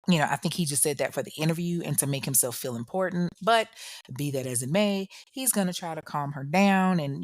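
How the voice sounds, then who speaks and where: A woman's voice: low voice, no echo, studio quality. A woman hosting a podcast, telling a true crime story in a chatty, slangy way and talking straight to the listener. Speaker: podcast host.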